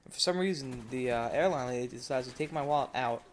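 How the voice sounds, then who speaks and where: A man's voice: medium pitch, fast talker, a little hiss or hum. A young man telling a long travel story to his viewers, rambling and swearing, with lots of fillers. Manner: profane, rambling, frequent fillers. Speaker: vlogger. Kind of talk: casual storytelling rant.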